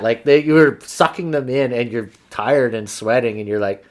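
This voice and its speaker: A man's voice: medium pitch, normal speed. A man co-hosting a hunting podcast, telling stories bluntly with plenty of swearing. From British Columbia, Canada. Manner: profane, blunt, laughs easily. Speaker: podcast host. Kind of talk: casual chat, storytelling.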